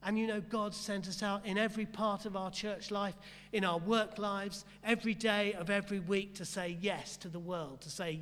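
High-voiced male preacher in a reverberant hall. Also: moderate pace, fairly bright tone. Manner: rhetorical, repetitive emphasis, asks the congregation questions. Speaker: pastor. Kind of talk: sermon.

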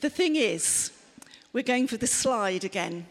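A woman's voice: a little high, expressive, a little slow, big-room sound. A woman preaching an interactive sermon, expressively acting out angry and soothing replies for her listeners.

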